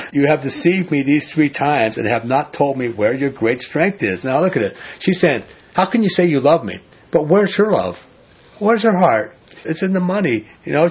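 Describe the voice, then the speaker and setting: A man giving an informal sermon, reading scripture slowly and commenting in a rambling, conversational way. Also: mid-range voice, breathy edge. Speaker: preacher. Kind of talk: informal sermon, Bible teaching. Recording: muffled lo-fi recording.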